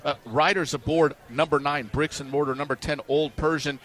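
Brief: male racing analyst, fairly high, bright and forceful voice, chatty explainer. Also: fairly even intonation, moderate pace. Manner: talkative, explanatory, jokey. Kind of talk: sports radio analysis.

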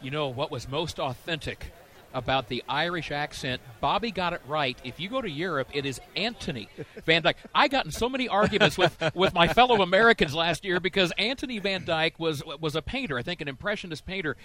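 A man's voice: on the high side, lively intonation, fairly quick, sharp tone. A man chatting on sports radio, telling an amused story in a casual, talkative way. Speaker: racing analyst.

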